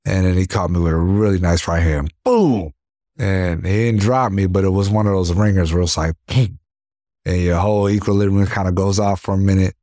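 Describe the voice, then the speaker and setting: A young man with a very low, deep voice tells his boxing stories in casual interview talk. He acts out blows with sound words and keeps checking in with "you know what I mean." The sound is dry and close. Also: moderate pace, dry recording. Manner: animated storyteller, acts out punches with sound words. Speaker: professional boxer, interview guest.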